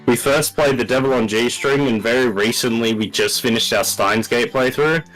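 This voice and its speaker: A man's voice: medium pitch, moderate pace, fairly bright tone, soft background music, low-quality recording. A young man co-hosting a game playthrough, talking loosely with swearing and laughter. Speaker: let's-play co-host. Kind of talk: casual gameplay chat.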